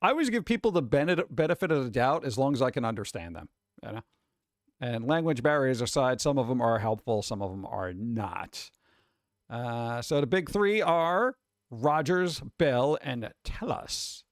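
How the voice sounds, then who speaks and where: A man's voice: medium pitch, expressive, moderate pace, dry recording, clean studio sound. A man hosting a live stream, chatting casually, reading chat aloud and swearing now and then. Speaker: streamer host.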